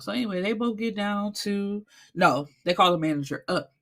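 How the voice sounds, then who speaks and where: Woman gushing and ranting about a book plot, aave, slightly low voice, swears a lot. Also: normal speed. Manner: animated storytelling, acts out characters, swears freely. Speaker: book reviewer. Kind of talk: casual book recap.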